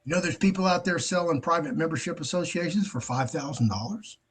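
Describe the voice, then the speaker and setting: Husky, blunt, profane male host ranting. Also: fairly high pitch, fairly quick, fairly bright tone. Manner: blunt, profane, exasperated, many restarts. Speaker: show host. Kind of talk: ranting monologue.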